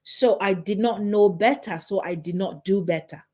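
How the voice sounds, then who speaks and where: Emphatic woman with a mellow voice. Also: medium pitch, moderate pace. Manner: emphatic, repeats phrases, asks the listener questions; checks in with "okay?". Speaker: parenting coach. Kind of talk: motivational talk to parents.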